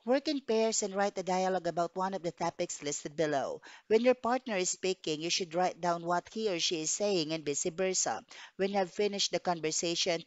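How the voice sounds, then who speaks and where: A woman's voice: on the low side, darkish tone, no room sound. A woman English teacher giving a recorded lesson, explaining tasks step by step and checking in with "okay". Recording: dull dry recording.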